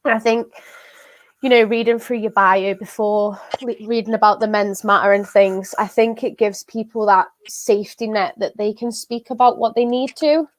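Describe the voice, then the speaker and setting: A woman in her twenties hosting an interview, chatty and relaxed, with plenty of casual fillers. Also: mid-range voice, normal speed, no echo. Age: 20s. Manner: chatty, filler-heavy, relatable. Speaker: interviewer, host. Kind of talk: casual chat.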